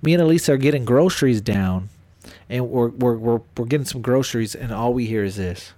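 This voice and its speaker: Guy, 30s, casual profane storyteller, mid pitch, dry close sound. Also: a little fast, dry recording. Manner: animated, profane, acts out voices.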